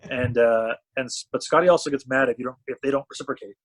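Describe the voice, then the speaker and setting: A man from Canada tells stories on a podcast at a rapid clip, his voice slightly husky. He's animated and acts out what everyone said, hopping between quoted voices in casual chat. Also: medium pitch. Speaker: talent management CEO, podcast guest.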